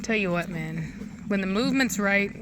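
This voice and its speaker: A woman's voice: medium pitch, lively intonation, normal speed, background noise. A woman dog breeder chatting casually outdoors in her yard, rambling and admiring as she films her dogs. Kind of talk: casual vlog commentary.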